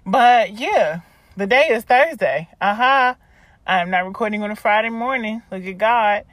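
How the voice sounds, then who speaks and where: A woman in her thirties, a podcast host, chatting through a casual voice diary, laughing and throwing in lively asides. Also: medium pitch, moderate pace, dry recording. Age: 30s.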